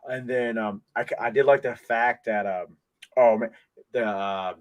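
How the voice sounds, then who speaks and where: A man hosting a casual podcast, talking in an excitable, rambling way full of restarts, into a desk mic. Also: medium pitch, measured pace. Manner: excitable, rambling fan talk with many restarts. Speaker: podcast host. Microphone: desk microphone.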